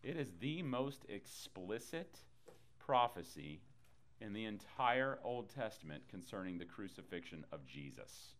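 A man's voice: fairly low pitch, very animated, unhurried, fairly bright tone. A man preacher giving a sermon, telling stories animatedly with sudden bursts and chuckles.

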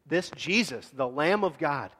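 A man preaching a sermon in a casual, animated way, acting out scenes. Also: fairly high pitch, a little slow, slightly rough, long reverb tail. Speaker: pastor.

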